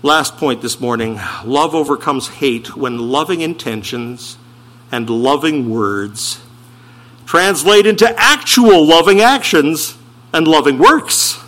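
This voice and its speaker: A man preaching a sermon as pastor, stressing slowed phrases and asking rhetorical questions. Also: a little high, animated, fairly bright tone.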